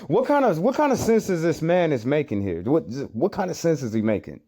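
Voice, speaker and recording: A man's voice: on the high side, sing-song, a little fast, warm tone. An American man giving reaction commentary on clips, arguing with rhetorical questions and repeated phrases.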